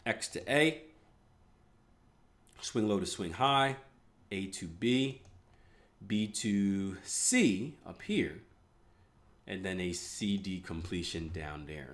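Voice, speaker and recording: A man hosting a live trading room, analyzing charts in a casual, chatty way with rambling asides. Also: fairly low pitch.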